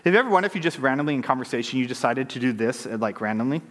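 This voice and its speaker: A man's voice: mid-range voice, animated, brisk, long pauses, a bit bright. A man preaching a sermon, reading scripture aloud and then unpacking it with conversational asides and rhetorical questions. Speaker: pastor. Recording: long hall reverb.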